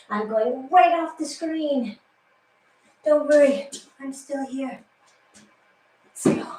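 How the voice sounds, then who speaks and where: Out-of-breath woman instructor, upbeat and chatty, counting reps; slightly high, unhurried voice in a roomy space. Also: recorded from a distance, noisy background. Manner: cheerful, chatty, laughs at herself. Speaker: fitness instructor. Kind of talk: workout class instruction.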